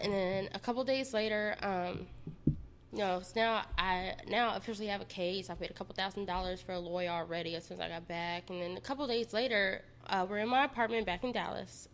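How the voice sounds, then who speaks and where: A woman's voice: mid-range voice, a little fast, slight background noise. A woman telling her own story in a casual, candid and profane way.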